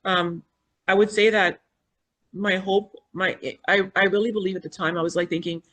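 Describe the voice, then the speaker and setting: A woman's voice: medium pitch, moderate pace. Earnest woman in her fifties telling her story. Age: 50s. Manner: animated, acts out quoted dialogue and inner thoughts; spiritual, earnest. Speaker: podcast guest, foundation founder. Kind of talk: personal storytelling in an interview.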